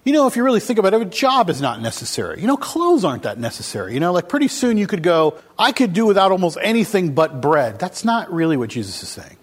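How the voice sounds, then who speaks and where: A man's voice: sits high, very animated, quick pace, hardly any pauses. A man preaching a casual, conversational sermon to a congregation, asking them questions as he goes. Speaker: pastor. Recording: long hall reverb.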